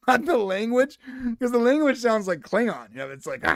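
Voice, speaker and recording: Lively, playful man on a podcast. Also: very high voice, moderate pace, no echo, clean studio sound. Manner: playful, laughs often, rambling asides. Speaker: podcast co-host. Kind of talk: casual chat.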